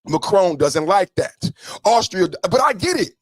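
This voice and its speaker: A man hosting a podcast, giving heated, profane political commentary and often shouting. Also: high voice, big pitch swings, unhurried, no echo. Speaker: podcast host.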